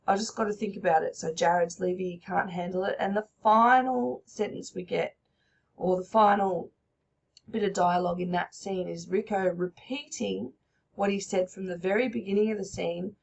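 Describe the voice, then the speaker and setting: A woman's voice: medium pitch, normal speed, creaky, highs cut off. A woman teaching a recorded lesson, explaining step by step and checking in with "all right?".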